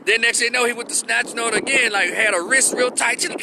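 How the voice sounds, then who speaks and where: A man telling a story on his YouTube channel in a rambling, profane, animated way. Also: high-pitched, quick pace, hardly any pauses, background noise. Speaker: YouTube creator. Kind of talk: storytime vlog.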